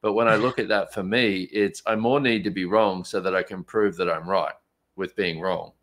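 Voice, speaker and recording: Easygoing man with a low voice. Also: fairly even intonation, moderate pace, fairly bright tone. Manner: reflective, easygoing, agreeable. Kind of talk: casual chat on a live stream.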